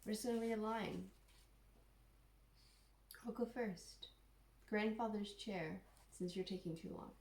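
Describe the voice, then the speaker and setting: A woman's voice: medium pitch, unhurried, long pauses, a little mellow, roomy sound. A woman co-hosting a casual podcast, reading lines from old books and swearing freely as she jokes. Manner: swears freely, bursts into laughter. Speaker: podcast co-host.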